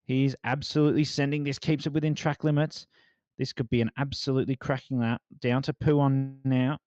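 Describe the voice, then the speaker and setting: A man giving excitable play-by-play commentary on a sim race. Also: mid-range voice, fairly quick, dry recording, lo-fi sound. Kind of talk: live sim racing commentary.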